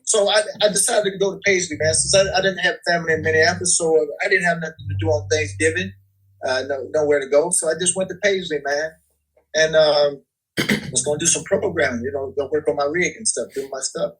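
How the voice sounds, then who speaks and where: A man, a guest musician, telling a story in casual, slangy speech, animated and full of repeats. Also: a little high, a little fast, breathy edge, rough recording.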